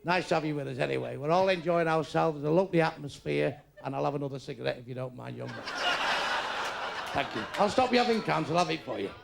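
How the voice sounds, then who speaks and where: A man's voice: fairly high pitch, fast talker, creaky. An older man doing live stand-up, bluntly and crudely teasing people in the audience. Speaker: stand-up comedian. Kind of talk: live stand-up crowd work. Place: comedy club stage. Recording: live club recording with background noise.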